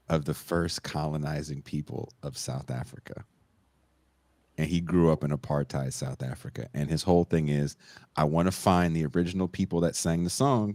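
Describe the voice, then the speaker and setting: Deep-voiced laid-back male podcast host. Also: darkish tone, no room sound. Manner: laid-back, laughs often, profane. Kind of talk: casual podcast chat.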